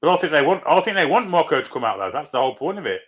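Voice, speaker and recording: A man's voice: a little high, very animated, rapid-fire, fairly bright tone. A man co-hosting a live football watchalong, bantering wryly and asking rhetorical questions. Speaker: watchalong co-host. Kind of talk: live match watchalong chat.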